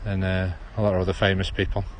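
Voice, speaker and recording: Man, Stoke-on-Trent accent, low-ish voice, loose rambling walk-and-talk livestream, phone mic outdoors. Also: monotone, quick pace, slight background noise. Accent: Stoke-on-Trent (Potteries). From Stoke-on-Trent, England. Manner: rambling, chatty, drops H's. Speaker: livestream host. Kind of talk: casual walking livestream. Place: outdoor town park. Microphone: handheld phone.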